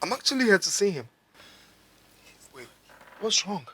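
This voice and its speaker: A woman's voice: medium pitch, big pitch swings, moderate pace, fairly bright tone, a little hiss or hum, rough recording. An actress with a Nigerian accent playing a friend who soothes a crying woman, repeatedly asking "okay?". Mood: soothing. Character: calm caring female friend comforting a crying woman. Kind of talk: film drama acting.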